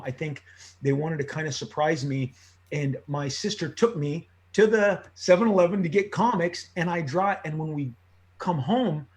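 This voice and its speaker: A man in his fifties from Southern California, energetically telling personal stories as an interview guest, with frequent restarts and loud exclamations. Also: on the high side. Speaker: interview guest, comic creator. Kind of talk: animated storytelling in a long interview.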